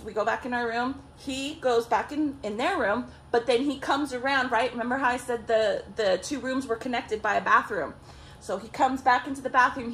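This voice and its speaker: A young woman vlogger tells a story casually, swearing a lot and acting out what people said in an animated way. Her voice is a little high, with a bit of hiss or hum in the recording.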